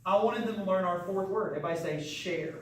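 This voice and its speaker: Recorded from far off in an echoey, large school room, a martial arts instructor leads young children in a playful call-and-response lesson, coaxing them to repeat words. His voice sits high and moves fast, with the crowd of kids audible behind him.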